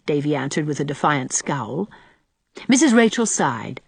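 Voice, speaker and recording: A woman reading a storybook aloud in an expressive, dramatic way. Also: deep voice, normal speed, vocal fry, breathy edge, no echo. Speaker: audiobook narrator. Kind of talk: storybook narration.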